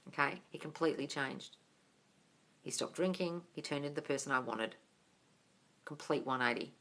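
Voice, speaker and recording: A woman with an extremely low-pitched, fairly bright voice speaks at normal speed and pauses often. As a manifestation coach hosting a live-stream Q&A, she reads viewers' comments and responds in a bubbly manner, frequently squealing and laughing.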